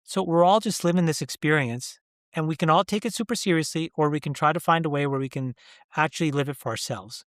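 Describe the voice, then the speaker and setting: Middle-aged guy, interview guest, kinda high voice, pushy rhetorical questions. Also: no echo, studio quality. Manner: emphatic, repeats rhetorical questions, halting when emotional. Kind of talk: candid interview conversation.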